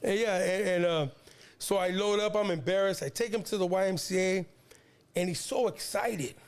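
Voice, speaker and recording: A man in his fifties with a high, gravelly voice tells a personal story as a guest. He rambles, restarts and repeats words, leaning on street slang. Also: normal speed. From San Diego, California. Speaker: interview guest, rapper. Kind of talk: casual storytelling.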